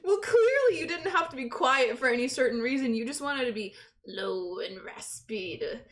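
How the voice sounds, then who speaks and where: A woman's voice: high-pitched, animated, normal speed, a bit bright. A woman streamer chatting casually with her viewers, teasing them and laughing often.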